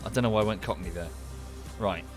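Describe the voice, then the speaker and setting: A man's voice: fairly low pitch, quick pace. A man giving casual, dry, self-deprecating commentary while livestreaming a game, often muttering to himself. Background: game music.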